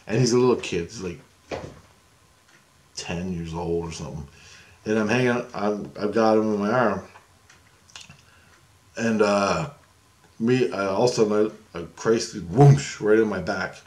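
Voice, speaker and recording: A man's voice: fairly low pitch, measured pace, long pauses, a little mellow. A man telling a long personal story in a meandering, self-correcting way, often breaking into laughter. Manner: meandering, full of restarts and frequent laughter. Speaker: paranormal vlogger.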